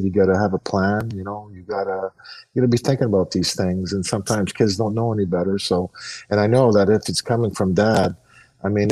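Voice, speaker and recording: A middle-aged man with a very low voice reflects earnestly on his playing days. He pauses often on "uh" and "you know" as he gathers his thoughts. He sits some distance back from the microphone. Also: darkish tone. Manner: earnest, reflective, many fillers and restarts. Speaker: guest, retired pro hockey player. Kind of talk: casual podcast interview.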